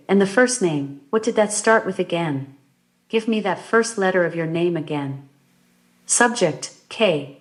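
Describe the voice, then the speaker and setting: A woman reading a session transcript aloud as an audiobook, in an even, flat delivery that reads out the speaker labels. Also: mid-range voice. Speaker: narrator.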